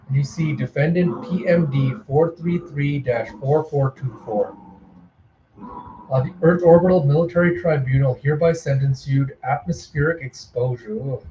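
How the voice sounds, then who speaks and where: Excitable man reading a manga aloud. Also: mid-range voice, reverberant, lo-fi sound, slight background noise. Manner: excitable, emotional asides. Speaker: comic readthrough host. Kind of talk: casual manga readthrough.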